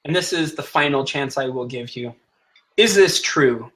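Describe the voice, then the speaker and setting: A man playing a stern, commanding noblewoman in a tabletop game, in a measured voice. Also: medium pitch, fairly bright tone, lightly acted, rough recording.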